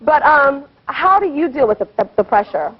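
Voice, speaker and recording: A woman's voice: high-pitched, big pitch swings, moderate pace. A woman hosting a talk show, asking questions in a playful, teasing way. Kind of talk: casual talk show interview. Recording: dull lo-fi TV broadcast audio.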